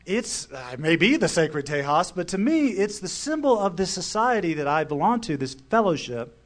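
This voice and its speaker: Middle-aged guy sharing his story at a recovery meeting, kinda high voice, wry and chatty. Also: big pitch swings, normal speed. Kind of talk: personal story told to an audience.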